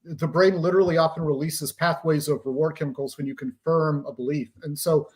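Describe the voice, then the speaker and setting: A man's voice: fairly high pitch, fairly even intonation, a little fast, a little mellow. A man being interviewed as an author, explaining psychological operations in a lecturing way with pop-culture analogies.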